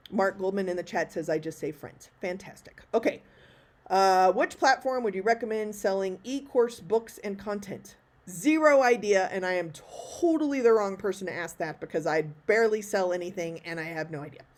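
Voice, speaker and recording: A talkative woman answers questions from an online audience. She keeps it casual and self-deprecating, with quick asides, and her voice sits in a middle pitch for a woman. It sounds like she is speaking on a video call. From Texas. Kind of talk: live online Q&A talk.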